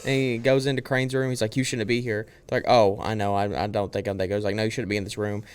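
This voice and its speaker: A young man co-hosting a casual movie podcast, rambling through a film's plot with fillers and quick quoted lines. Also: on the low side, flat delivery, smooth. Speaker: podcast co-host.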